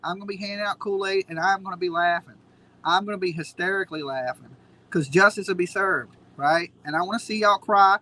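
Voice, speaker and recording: A man's voice: sits high, brisk, sharp tone, poor audio. A man hosting a live stream, ranting in a mocking, combative way. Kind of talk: heated casual commentary.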